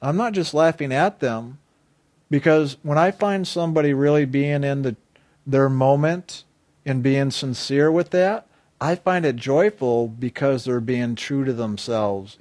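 A man gives an inspirational talk, earnest and animated, often putting questions to his listeners. His voice sits in a middle range. The sound is dry and close, with no room around it. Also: mid-range voice, unhurried, no room sound. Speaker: spiritual speaker.

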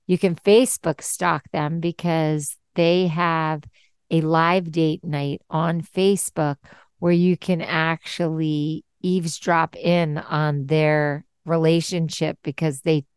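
A woman's voice: deep voice, little pitch movement, slow pace, smooth, dry recording, clean studio sound. A woman hosting a podcast interview, chatting casually in an effusive, affirming way. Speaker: podcast host.

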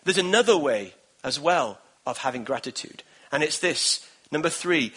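Bright, husky-voiced man preaching. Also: fairly high pitch, expressive, normal speed, hardly any pauses. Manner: earnest, encouraging preaching with repeated phrases. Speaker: pastor. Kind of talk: sermon.

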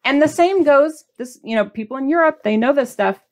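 A woman hosting a podcast in a casual, animated and emphatic monologue. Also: high voice, a little fast, slight background noise. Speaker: podcast host.

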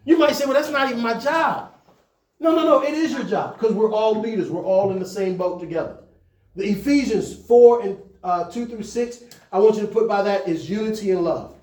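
A man's voice: high voice, fairly quick, darkish tone, roomy sound. A man preaching to church leaders in a conversational style, climbing to emphatic peaks. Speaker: pastor.

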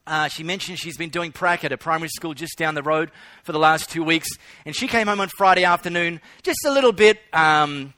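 A male pastor delivers a sermon in a high, bright voice. He tells stories and leans hard on repeated key phrases. The sound is dry and close, with no room echo. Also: a little fast. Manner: storytelling, emphatic repetition.

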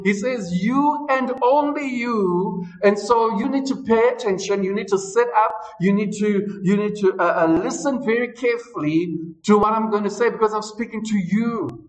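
Male pastor, high-pitched, emphatic repeating sermon delivery; recorded from a distance. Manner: emphatic, repeats phrases for stress. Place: church service. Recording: voice a bit far from the mic.

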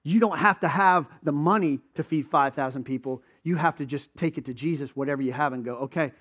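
A man with a high voice preaches a sermon. His delivery is conversational, and he breaks into quick acted voices for the people in the stories he tells. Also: a bit bright, husky. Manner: conversational, acts out quoted voices. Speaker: pastor.

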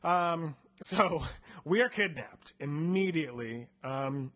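A man's voice: a little high, animated, slow, a bit bright. Rambling man retelling a story. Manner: rambling, self-deprecating, lots of fillers. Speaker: podcast co-host. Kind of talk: casual retelling of a book.

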